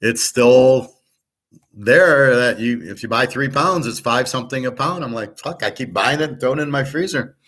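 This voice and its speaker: A man's voice: mid-range voice, normal speed, fairly bright tone. A man hosting a casual monologue, talking bluntly and rambling, with the odd swear word. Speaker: host.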